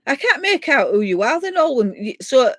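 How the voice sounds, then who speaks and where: A woman's voice: sits high, very animated, normal speed, no room sound. A middle-aged woman with a Yorkshire accent, rambling and laughing in a casual chat with viewers as she hosts a live stream. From England. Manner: rambling and chatty, laughing as she reads out comments.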